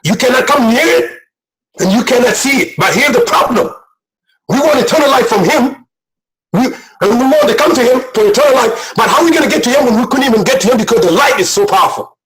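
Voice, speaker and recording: A man delivers a sermon in a high voice, pressing his points with repetition and building to shouts. He sounds emotional, close to tears. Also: lively intonation, quick pace, rough recording. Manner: impassioned, repetitive, rising to shouts. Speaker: guest preacher.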